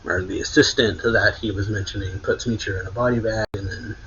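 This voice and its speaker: A man's voice: on the low side, steady tone, a little fast, sharp tone, slight background noise. A man hosting an anime reaction show, casually retelling a story with lots of "like", in a dull lo-fi recording. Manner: loose retelling full of "like". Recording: dull lo-fi sound.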